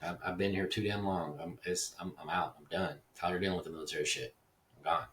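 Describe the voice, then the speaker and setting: Low-voiced man, casual storyteller, profane and rambling, distant mic. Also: steady tone, quick pace, a bit bright, roomy sound, slight background noise. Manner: profane, rambling, reflective, acts out dialogue. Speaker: podcast host. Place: echoey house.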